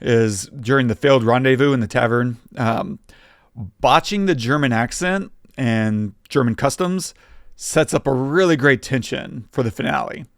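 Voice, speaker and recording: A man co-hosting a film review podcast, speaking as a writer who builds his arguments piece by piece. His voice sits at an ordinary middle pitch. It is recorded dry and close, with no room echo. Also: normal speed, vocal fry. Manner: methodical, builds points step by step. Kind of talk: casual film-analysis chat.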